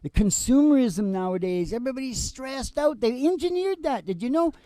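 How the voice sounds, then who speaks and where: A man's voice: extremely high pitch, a little fast, dry recording. Rambling joking male radio host. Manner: rambling, joking, animated storytelling. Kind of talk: casual talk radio chat, then singing a country song. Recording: loud guitar music behind.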